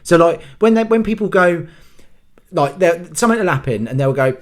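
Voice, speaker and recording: In a casual rant to camera on his own channel, this host vents about everyday annoyances with exasperated self-mockery. His voice sits on the high side, animated, at a moderate pace.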